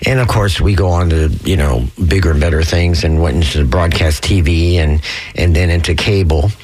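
This male host is in his sixties and keeps the talk loose and friendly. His voice sits fairly low, and he chuckles and drops short "right" and "yeah" replies while his guest talks. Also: moderate pace, a little mellow, slightly rough. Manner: easygoing, chuckling, backchannels. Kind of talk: casual chat.

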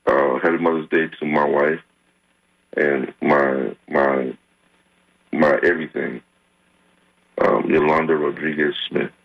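Very deep gravelly man on the radio. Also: fairly even intonation, slow pace, pauses often, muffled recording. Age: middle-aged. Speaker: radio host. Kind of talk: casual radio chat.

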